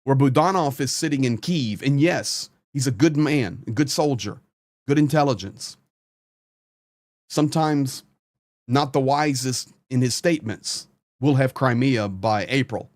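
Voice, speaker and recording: A man's voice: mid-range voice, measured pace. A man hosting his own channel, giving blunt, frustrated, impassioned commentary straight to the camera. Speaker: host, volunteer supporter.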